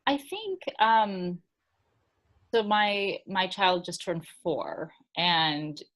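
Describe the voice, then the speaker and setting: A woman's voice: lowish voice, animated, drawn-out words, fairly bright tone. A middle-aged woman speaking as a guest, telling a personal story in an open, rambling way with frequent laughs.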